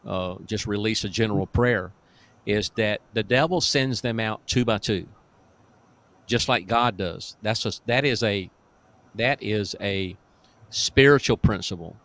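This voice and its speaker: Chuckling low-voiced male pastor. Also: a bit bright. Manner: folksy, chuckling, emphatic storyteller. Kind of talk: deliverance preaching, storytelling.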